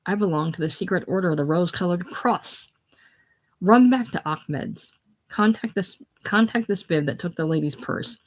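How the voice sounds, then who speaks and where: A woman reading the lines of a proud, imperious aging male adventurer, with commanding, forceful delivery. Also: on the low side, normal speed, natural voice.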